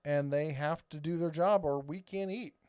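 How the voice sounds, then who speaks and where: A man's voice: a little high, moderate pace, darkish tone, clear, resonant tone, no echo, studio quality. A man hosting a casual live stream, rambling and reading viewer comments aloud. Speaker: host.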